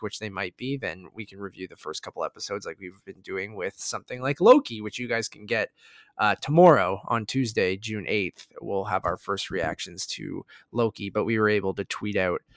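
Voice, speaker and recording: A man in his thirties with a Canadian accent co-hosts a casual podcast, rambling with lots of fillers and restarts. His voice is on the low side, expressive and a little fast, captured with clean studio sound and no echo.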